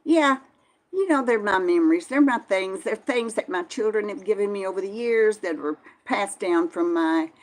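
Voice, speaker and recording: An older woman with a medium-pitched voice chats casually on a live stream at normal speed. As a vlog host reading live chat, she answers viewers by name in a folksy way.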